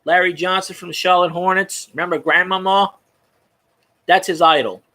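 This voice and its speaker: A man's voice: sits high, fairly even intonation, moderate pace, bright, forceful tone. A young man in casual sports talk, ranting with profanity and frequent stumbling restarts.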